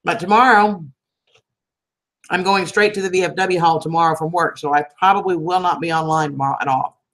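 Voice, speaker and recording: A woman with a lowish voice and a steady tone talks briskly. She hosts a casual livestream, chatting warmly with viewers and calling them sweetheart and hon.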